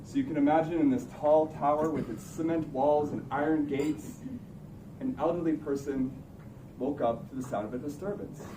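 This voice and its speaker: A young man with a fairly high voice tells a comic story to a live audience, wry and building suspense. He sounds roomy and set back from the mic. Steady background noise fills the room. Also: normal speed, distant mic. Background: room ambience noise.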